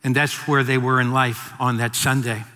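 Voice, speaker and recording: A man's voice: mid-range voice, flat delivery, moderate pace, sharp tone, big-room sound. A man in his fifties preaching a sermon as a pastor, telling stories with frequent restarts and repeated words. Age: 50s.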